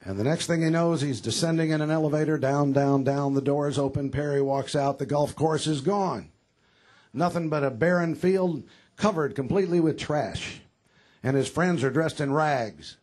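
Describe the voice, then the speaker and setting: A man giving a rally speech for governor, telling jokes in a dry, halting way with many fillers. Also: on the high side, a little mellow. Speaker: candidate for governor speaking at a rally. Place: campaign rally before a crowd.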